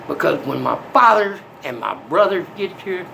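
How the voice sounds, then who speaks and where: An older man in a rambling monologue that swings from soft to menacing. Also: fairly high pitch, sing-song, moderate pace, gravelly, a little hiss or hum, low-quality recording.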